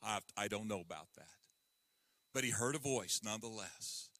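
A male pastor preaching a sermon, swinging from loud emphasis to hushed tones. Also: high voice, normal speed, no room sound, studio quality. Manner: breaks into hymn lines.

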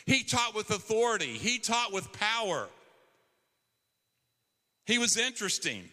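A man's voice: high-pitched, big pitch swings, measured pace, sharp tone. A man preaching a sermon as a pastor, emphatic and conversational, rising on key phrases. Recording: long hall reverb.

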